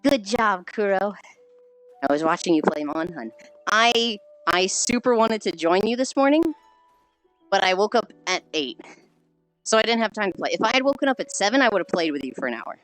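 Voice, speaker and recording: A woman streaming while she walks on a treadmill, sounding squeaky and chipmunk-like through a failing headset mic, sighing often and swearing casually as she greets viewers. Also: lively intonation, moderate pace, fairly bright tone, faint music behind, poor audio. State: walking on a treadmill while talking. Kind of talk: casual live-stream chat.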